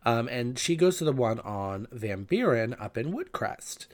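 A man's voice: mid-range voice, very animated, unhurried. A man hosting his own podcast, telling a story in a chatty, gossipy way and swearing freely between many fillers. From Southern California. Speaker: podcast host. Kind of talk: casual storytelling monologue.

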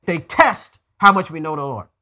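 A man's voice: on the high side, expressive, normal speed, sharp tone. A man preaching a conversational sermon as pastor, earnest, often stumbling and repeating words as he goes.

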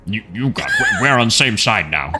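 A man's voice: lowish voice, animated, a little fast, over loud music, close to an everyday voice. A man doing a groveling fish-man priest. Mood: awed. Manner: groveling, repetitive, half-laughing. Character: fawning fish-man archpriest, awed and eager.

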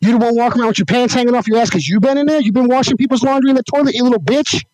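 A man's voice: very high-pitched, rapid-fire, a little mellow, no echo, rough recording. A man on a prank call hurling crude threats.

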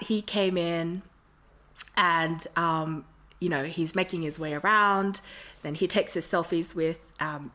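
A woman's voice: fairly low pitch, fairly bright tone. A woman from Australia, telling a long rambling story in casual chat with lots of fillers.

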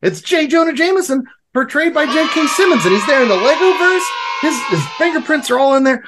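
Male co-host, casual review chat, animated and effusive, lively pitch. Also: fairly quick, heavy background noise. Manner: effusive, animated, piling up praise. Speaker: podcast co-host.

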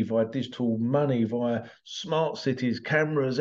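A man's voice: medium pitch, moderate pace, a little mellow, muffled recording. Rambling English man, podcast monologue. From England. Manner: rambling, digressive, chuckling. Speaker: podcast host. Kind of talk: casual solo monologue.

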